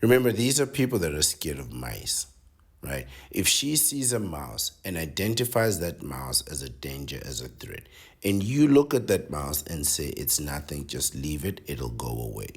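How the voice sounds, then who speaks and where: Low husky man lecturing sardonically. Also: very animated, moderate pace. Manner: sardonic, lecturing, keeps asking "right?". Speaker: commentator. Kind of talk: reading and reacting to an article.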